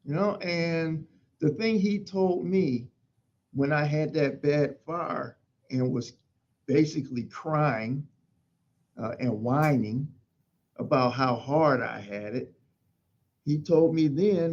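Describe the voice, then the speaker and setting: A middle-aged man from Pennsylvania, a fire chief, telling stories in an interview in an emphatic, animated way. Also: a little high, slow, pauses often, muffled recording. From Pennsylvania, USA. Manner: emphatic, animated storytelling with acted-out quotes. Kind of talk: storytelling in an interview.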